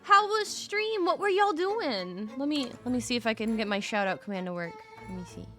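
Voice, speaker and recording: A woman's voice: on the high side, lively intonation, moderate pace, a bit bright, faint music behind. A young woman chatting casually on a live stream, gushing and a little scattered as she talks to her viewers. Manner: bubbly, gushing and a bit scattered.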